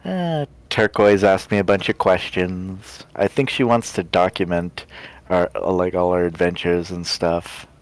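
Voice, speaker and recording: A man playing a tabletop role-play game, narrating his character in a relaxed way. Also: sits low, measured pace, dry recording. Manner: relaxed, laughs often. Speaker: player.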